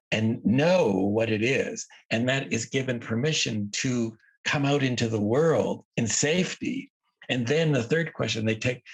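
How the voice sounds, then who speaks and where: A breathy edge colors this man's mid-range voice as the emotional interview guest reflects earnestly, repeating words to drive points home. The casual conversation happens at home, by a lawn near the ocean.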